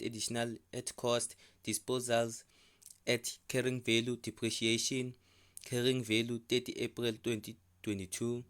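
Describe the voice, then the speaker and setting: A man's voice: mid-range voice, a bit bright. Man teaching accounting step by step. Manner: repetitive, restating figures slowly. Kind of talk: step-by-step tutorial explanation.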